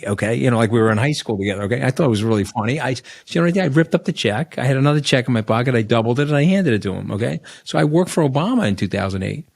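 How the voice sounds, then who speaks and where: A middle-aged man talks as an interview guest, blunt and animated. He tells his stories freely, tags points with "okay?", and sits at an average pitch for a man. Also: very fast, gravelly, few pauses, breathy edge. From Long Island, New York. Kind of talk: candid storytelling interview.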